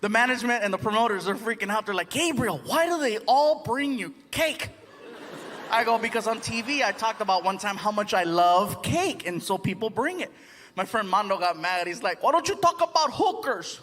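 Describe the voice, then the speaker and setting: A man performing an animated stand-up comedy set, slipping into voices, before a live audience. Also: high voice, moderate pace. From United States. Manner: animated, acts out voices and crowd-work asides. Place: large theater stage before a live audience. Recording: reverberant hall with loud crowd. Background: audience laughter and crowd noise.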